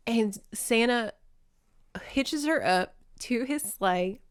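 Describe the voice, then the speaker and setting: A woman's voice: a little high, lively intonation, slow pace, no room sound, clean studio sound. A woman hosting a podcast, giving a folksy, sentimental recap of a movie and laughing often. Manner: fond and sentimental storytelling. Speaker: podcast host.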